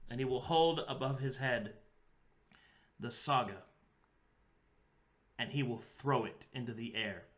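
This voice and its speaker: A man narrating a tabletop game as game master, describing the scene slowly and dramatically. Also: medium pitch, fairly bright tone.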